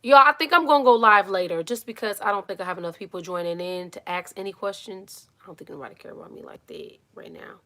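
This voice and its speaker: A woman hosting a casual live Q&A stream from a phone in a small home closet. She is chatty and animated, greets viewers by name and drops into soft muttered asides. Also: mid-range voice, fast talker, few pauses.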